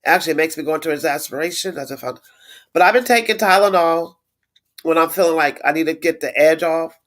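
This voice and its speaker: A woman's voice: low-pitched, quick pace. A middle-aged woman talking straight to her live viewers in a blunt, indignant way. She swears freely and doubles up words for emphasis. She stops now and then to read and answer comments. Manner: repeats words, reads viewer comments aloud. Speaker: livestream host. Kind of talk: casual live-stream chat.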